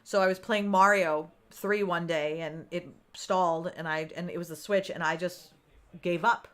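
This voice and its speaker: A woman's voice: fairly low pitch, fairly even intonation, normal speed, a bit bright. A woman hosting a casual live stream, chatting with viewers, laughing often and acting out her own inner voice. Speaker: livestream host.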